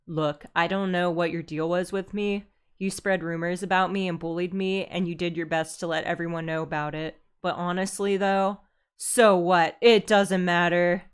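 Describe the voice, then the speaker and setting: A woman voicing a young game protagonist, reading firmly and in a measured way. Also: fairly low pitch, fairly even intonation, clean tone, close to an everyday voice. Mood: resolute.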